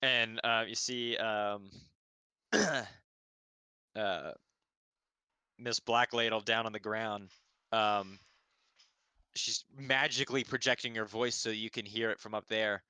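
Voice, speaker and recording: A man narrates a fantasy scene as the dungeon master of a live-streamed tabletop game. His voice is bright and crisp. He wanders through fillers and half-finished words as he describes the action. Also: lowish voice, steady tone, slow pace, pauses often, dry recording. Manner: rambling with many fillers and restarts. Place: home setup, streamed live.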